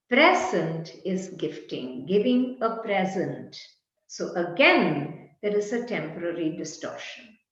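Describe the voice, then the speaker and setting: Slow, lively-voiced woman teaching. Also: medium pitch. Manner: explanatory, repeats example phrases aloud. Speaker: workshop trainer. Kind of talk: online workshop lecture. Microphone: video call. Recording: very echoey, dull video-call audio.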